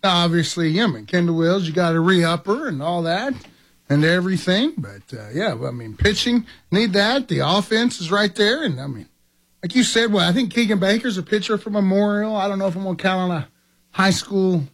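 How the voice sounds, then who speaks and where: A man's voice: high voice, animated, brisk. A man from co-hosting a casual sports talk show, blunt and opinionated, with his sentences often trailing off. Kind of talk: casual sports radio chat.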